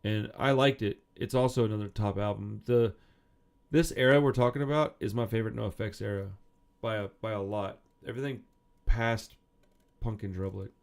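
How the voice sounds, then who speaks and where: A man's voice: fairly low pitch, fairly even intonation, normal speed, creaky. A man in his thirties giving casual, rambling commentary, reading out quotes from a magazine article with frequent swearing. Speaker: punk music video host.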